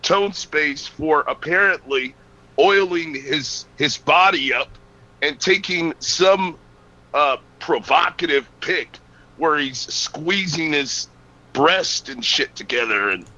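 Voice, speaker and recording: A man's voice: a little high, lively intonation, slow pace, bright, forceful tone. A man co-hosting a radio show, agreeable and egging the others on. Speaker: radio co-host. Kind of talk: radio banter. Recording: dull lo-fi audio.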